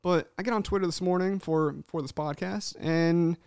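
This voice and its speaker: A man co-hosting a casual podcast, animated and swearing freely, acting out people's voices when he tells stories. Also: high-pitched, normal speed, clean tone, no room sound, studio quality. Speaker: podcast co-host.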